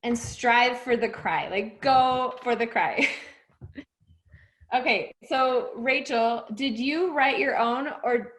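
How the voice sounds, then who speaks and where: A woman's voice: a little high, slow pace, fairly bright tone, rough recording. A woman leading a group mindset session over a video call, encouraging and emotional, laughing often.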